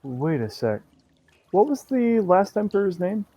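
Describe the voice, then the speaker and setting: A male player at a tabletop game who keeps breaking in with quick questions and reactions. His voice is fairly high, and the recording is dry and close. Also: big pitch swings, dark tone, no echo. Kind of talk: casual tabletop chat.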